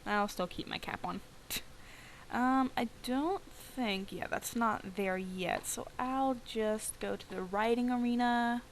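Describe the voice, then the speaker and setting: A woman hosting a let's play, giving quiet, low-key commentary on her game. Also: slow, slight background noise. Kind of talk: casual gameplay commentary.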